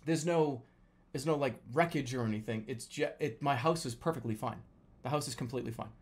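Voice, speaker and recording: A young man casually telling a story, swearing freely and loudly acting out the lines he quotes. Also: mid-range voice, brisk. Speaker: storyteller recounting a dream.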